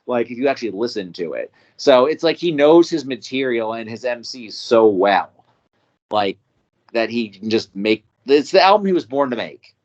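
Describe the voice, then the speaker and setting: A man's voice: medium pitch, animated, moderate pace, highs cut off. A man hosting a casual music podcast, talking in a rambling, enthusiastic way and swearing freely. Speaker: podcast host.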